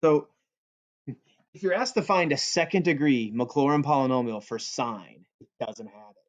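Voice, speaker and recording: A man's voice: mid-range voice, normal speed. A male math teacher giving a recorded calculus lesson in a playful, joking way. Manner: playful and goofy, jokes with students. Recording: dull lo-fi audio.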